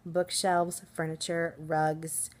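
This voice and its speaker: A woman's voice: deep voice, flat delivery, slow. Chatty woman teacher vlogging. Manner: chatty, upbeat, laughs easily. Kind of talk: casual vlog chat. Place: at home.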